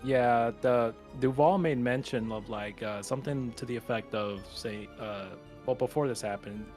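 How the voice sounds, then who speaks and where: A man co-hosting a horror podcast, chatting casually and haltingly about an episode. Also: mid-range voice, a little mellow, faint music behind. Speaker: podcast co-host. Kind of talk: casual chat.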